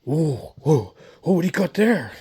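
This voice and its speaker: Casting: a man doing a nosy, insistent old guy, voice pitched up. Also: fairly even intonation, moderate pace, dark tone, close to an everyday voice. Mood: pushy. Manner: pushy, insistent. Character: pushy nosy old man stranger at a thrift store.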